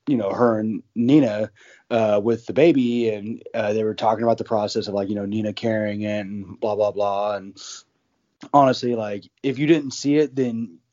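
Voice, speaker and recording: A man co-hosting a casual sports podcast, rambling through his thoughts with lots of restarts and quick laughs. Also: fairly low pitch, steady tone, dark tone, highs cut off. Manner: rambling, many fillers and restarts, laughs often.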